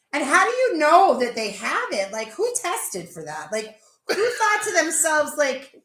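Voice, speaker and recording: A Pennsylvania woman hosts a casual livestream chat with her viewers, talking freely and laughing while she drinks. Her voice is high-pitched with a sharp tone, and the room sounds echoey.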